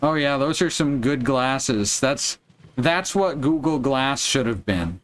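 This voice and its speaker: A man's voice: medium pitch, lively intonation, slow, a little hiss or hum. A man streaming a video game, giving casual commentary with wry, joking asides.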